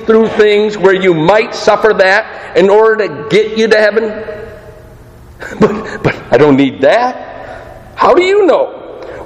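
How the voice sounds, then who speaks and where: Male pastor, high voice, emphatic sermon delivery, echoey church hall. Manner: emphatic preaching with rhetorical questions and slow dramatic pauses. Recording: roomy hall reverb.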